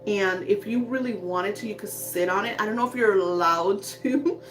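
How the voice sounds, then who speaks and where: A woman gives a live psychic reading in a gentle, reassuring voice with a middle pitch. She talks in soft, flowing affirmations, and faint music plays behind her. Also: normal speed. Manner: soft, soothing, spiritual affirmations. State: emotional. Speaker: psychic reader.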